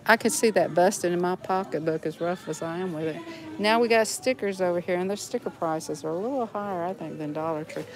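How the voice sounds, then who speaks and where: Southern woman vlogger, chatty and giggly, store aisles, faint background music. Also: on the low side. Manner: chatty, giggly, talks to viewers while browsing. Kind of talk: casual shopping vlog. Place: inside a large discount store.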